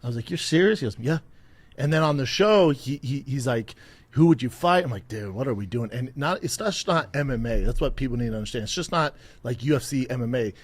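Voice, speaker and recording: A man's voice: medium pitch, quick pace, hardly any pauses, dry recording. A man hosting a casual podcast chat, telling stories with quoted asides and readily agreeing. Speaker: podcast host.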